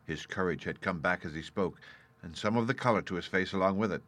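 A man reading a story aloud in steady, measured scripted narration. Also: low-pitched, no room sound. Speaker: audiobook narrator.

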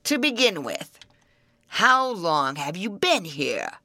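A woman voicing a gruff, scheming old male troll who speaks slowly and menacingly. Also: sing-song, sharp tone, dry recording, full character voice. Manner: slow, booming and menacing.

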